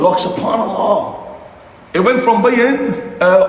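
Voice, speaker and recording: A man's voice: extremely high pitch, animated, moderate pace, a bit bright. A young man, a youth mentor, ranting on a casual livestream in a passionate, profane and repetitive way. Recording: echoey room with long reverb, faint noise.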